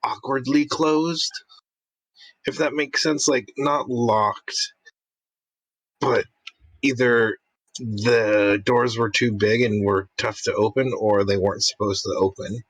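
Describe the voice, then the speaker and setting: A man's voice: mid-range voice, steady tone, slow pace, no room sound, rough recording. A man playing a tabletop game, describing things in a hesitant, rambling way. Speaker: player. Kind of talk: casual tabletop play.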